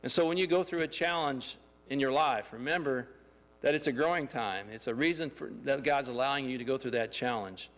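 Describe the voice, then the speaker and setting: A man telling a lively testimony story in a church, excitable and laughing as he acts out the scenes. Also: mid-range voice, a little fast, big-room sound. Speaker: church member giving a testimony. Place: church sanctuary.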